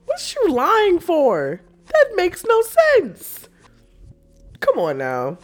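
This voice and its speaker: A woman's voice: very high-pitched, wildly swooping pitch, extremely slow, soft background music. A young woman hosting a podcast, ranting with lots of cursing and laughter and mocking the people she talks about. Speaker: podcast host. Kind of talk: casual podcast rant.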